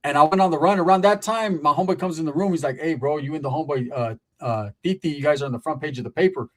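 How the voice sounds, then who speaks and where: A man's voice: a little high, fast talker, fairly bright tone. A man hosting a casual podcast chat, from Northern California, telling loose, profane stories in street slang. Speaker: podcast host. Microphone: streaming setup.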